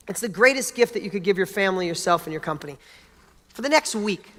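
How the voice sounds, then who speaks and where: A man giving a motivational talk, telling a personal story in an energetic, animated way with casual swearing. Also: high voice. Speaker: motivational speaker. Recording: long hall reverb.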